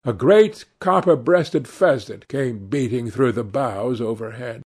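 A male narrator reading classic literature in a measured, deliberate way. He takes his time with every phrase, at an unhurried pace. His pitch sits right in the middle. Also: expressive, darkish tone, husky. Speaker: audiobook narrator.

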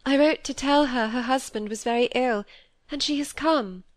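Woman voicing a gentle earnest young lady. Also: high-pitched, moderate pace, dry recording, pitched above the performer's own voice, close to an everyday voice.

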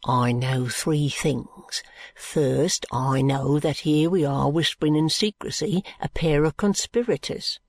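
A gloomy, cautious young man, read by a woman narrating a classic novel, speaking low and gravely as if afraid of being overheard. Her voice sits deep for a woman. The recording is close and dry. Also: slow pace, no echo, heavily acted. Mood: wary hush.

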